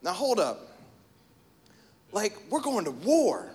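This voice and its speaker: A man pastor preaching a sermon in a church, animated, swinging from shouts to hushed tones. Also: sits high, slow pace, in a large hall. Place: church hall.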